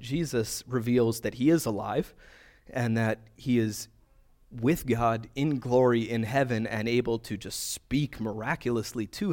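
A pastor preaching a conversational sermon, mixing scripture reading with playful asides. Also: male voice, medium pitch, darkish tone.

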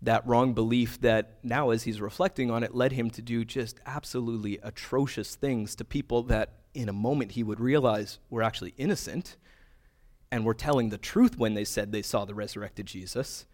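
Male pastor, mid pitch, easygoing sermon delivery with humorous asides. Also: moderate pace, a little mellow. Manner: conversational preaching with playful asides.

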